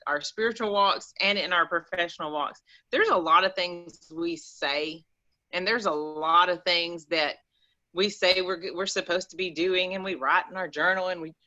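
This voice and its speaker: Bright-voiced East Texas woman, animated. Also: fairly low pitch, muffled recording. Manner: animated, rambling, folksy. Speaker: caller on a call-in show. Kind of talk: casual chat.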